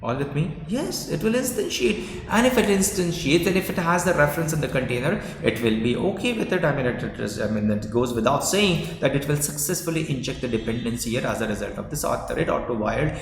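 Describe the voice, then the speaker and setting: A man's voice: medium pitch, expressive, brisk, few pauses. A man teaching a live online coding workshop, repeating key points and coaxing answers from his class. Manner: emphatic, repeats points, coaxes replies. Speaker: software trainer. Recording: echoey roomy sound, long reverb, faint noise.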